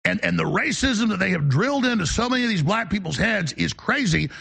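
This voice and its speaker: A man's voice: high-pitched, expressive, vocal fry, fairly bright tone, breathy edge. A man hosting a talk radio show, delivering an emphatic, ranting opinion monologue. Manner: emphatic, ranting, fast-talking.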